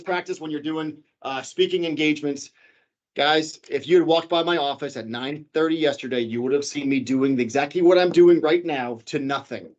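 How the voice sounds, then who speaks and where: Man, corporate trainer, animated talk, slightly raised pitch. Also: highs cut off. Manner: animated, shifts pitch and volume for emphasis. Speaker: workplace trainer. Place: office.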